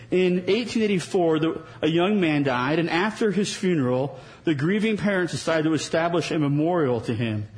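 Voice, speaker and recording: Pastor, male, higher than average voice; earnest conversational sermon with wry asides. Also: low-quality recording. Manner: earnest, with wry sarcasm and small repeats.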